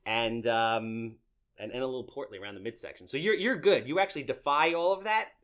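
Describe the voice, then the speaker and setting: A man's voice: medium pitch, fairly quick, fairly bright tone. A man with a nasal voice, hosting a podcast in brash, joking chat. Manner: brash, joking salesman patter. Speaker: podcast host. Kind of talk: casual interview chat.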